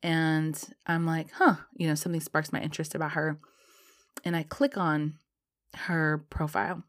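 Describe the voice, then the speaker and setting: A woman vlogger telling a personal story in a casual, animated way, swearing and laughing as she goes. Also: low-pitched, moderate pace.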